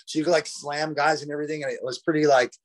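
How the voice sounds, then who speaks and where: A man's voice: a little high, fairly even intonation, fast talker. A man as a podcast guest, telling stories in a rambling, profane way, full of "bro" and "dude". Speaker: guest, retired fighter. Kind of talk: casual storytelling. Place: podcast conversation.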